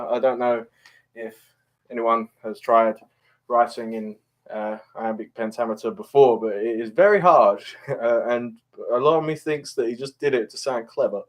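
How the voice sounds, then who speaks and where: A man's voice: medium pitch, fairly even intonation, moderate pace. A man casually talking about a play he just read, hesitant and rambling with many fillers but enthusiastic. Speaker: reader discussing Shakespeare. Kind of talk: casual spoken commentary.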